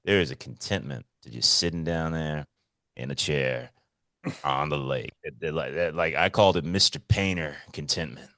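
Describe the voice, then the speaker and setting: A man co-hosting a podcast in casual chat, excitable and swearing freely, swinging between loud bursts and hushed asides. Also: extremely low pitch, moderate pace, no echo, clean studio sound. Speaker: podcast co-host.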